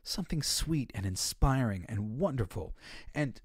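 A man hosting a podcast and giving casual, emotional commentary. He swings between soft, heartfelt stretches and loud, excited bursts. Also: fairly high pitch, normal speed, no room sound, studio quality. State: tearful. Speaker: podcast host.

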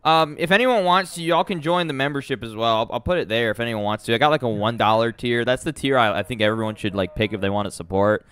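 A man streaming a game live, excitable and easily flustered, with plenty of swearing, close on a desk mic at home. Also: mid-range voice, fast, few pauses, clean tone. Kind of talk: live-stream gaming commentary.

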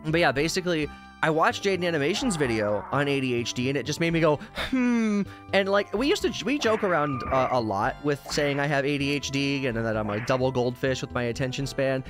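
A man's voice: mid-range voice, animated, fast talker. A man streaming a video game, telling a long, tangential personal story in casual chat and swearing freely. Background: game music.

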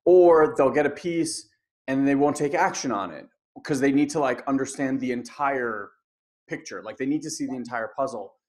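A man's voice: medium pitch, moderate pace, a little mellow. A man hosting a conversational interview in an earnest, affirming way. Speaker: host, life coach.

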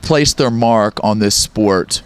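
A man hosting an interview, briskly steering the talk and asking the guest questions. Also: lowish voice, clear, resonant tone. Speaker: interview host.

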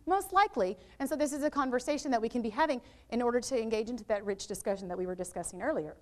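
A woman presenting a literacy workshop to teachers, lively and quizzing her live audience with questions. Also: a little high, very fast. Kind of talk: interactive teacher training workshop. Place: training room with live audience.

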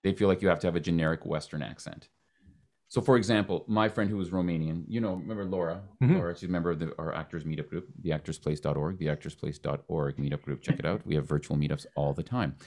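A man from Canada hosting a podcast, talking in an animated, joking way with quick restarts. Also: low-pitched. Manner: animated, talks fast with restarts and jokes. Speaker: podcast host. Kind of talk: casual interview chat.

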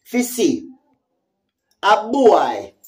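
A woman's voice: medium pitch, sing-song, extremely slow, a little mellow. Heated Jamaican woman ranting. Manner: heated, profane, confrontational, repeats taunting questions. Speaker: social media commentator. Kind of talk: angry vlog rant.

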